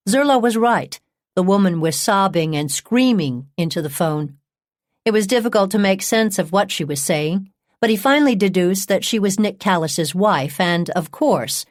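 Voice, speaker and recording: Woman reading a true crime audiobook, lowish voice, dry close sound. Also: dry recording. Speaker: audiobook narrator. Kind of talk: scripted true-crime narration.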